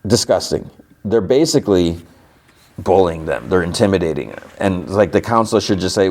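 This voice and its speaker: A man's voice: sits low, animated, normal speed, long pauses, darkish tone. A man hosting a podcast, casually recapping a TV episode in a rambling way with lots of fillers. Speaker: podcast host.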